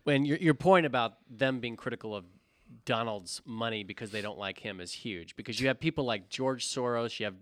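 A man's voice: medium pitch, fairly quick. A man co-hosting a podcast, agreeing readily and backing up points with examples. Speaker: podcast co-host. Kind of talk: casual podcast chat.

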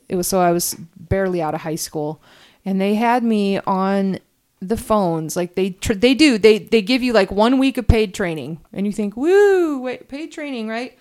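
A woman's voice: medium pitch, smooth. A young woman co-hosting a podcast, telling a long story in casual chat, often restarting her sentences. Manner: rambling, self-correcting storyteller. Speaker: podcast co-host.

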